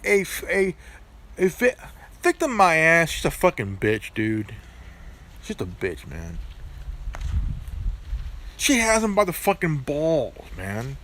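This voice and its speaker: A man's voice: fairly high pitch, huge pitch swings, slow, long pauses, fairly bright tone. A man hosting his own channel, talking in a crude, profane vlog rant full of stammered restarts. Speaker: channel host.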